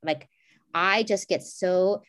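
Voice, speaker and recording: A woman in her forties co-hosting a podcast, telling a personal story in a rambling, animated way and acting out quoted voices. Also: takes it slowly. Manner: animated, acts out quoted voices with big pitch jumps; rambling with frequent restarts and "like". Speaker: podcast co-host. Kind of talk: casual chat, personal storytelling.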